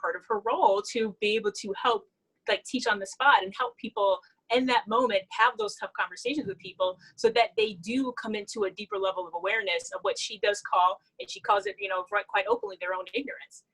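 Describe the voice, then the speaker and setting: A woman hosts a discussion and affirms her guests warmly in words. She tells stories in an easy, conversational way. Her pitch is mid-range, and she speaks over a video call. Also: steady tone, brisk, slightly rough, poor audio. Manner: affirming, anecdotal storytelling. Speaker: host.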